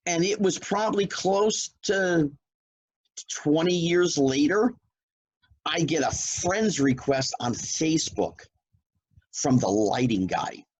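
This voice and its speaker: Slow and fairly high-pitched with a slightly rough edge, this middle-aged New Jersey man, a one-time child actor, narrates a story in casual chat and dramatizes the quoted lines. The recording itself is rough.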